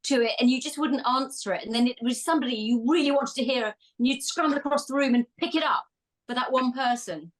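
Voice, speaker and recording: A woman's voice: high-pitched, quick pace. A woman co-hosting a casual chat, reminiscing in a rambling way.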